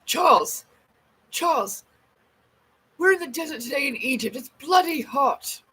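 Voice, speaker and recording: A woman's voice: high-pitched, lively intonation, measured pace, sharp tone, pitched above the performer's own voice, heavily acted. A woman putting on a posh upper-class English lady in an affected received-pronunciation accent, plummy and theatrical. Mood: genteel. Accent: affected British received pronunciation.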